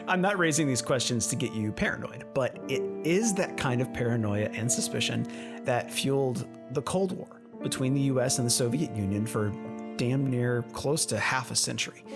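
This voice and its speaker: A man hosts a casual podcast with a gravelly, fry-laced voice. He is playful and laughs at himself, and music plays under his talk. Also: mid-range voice. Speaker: podcast host. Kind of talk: casual podcast intro and interview.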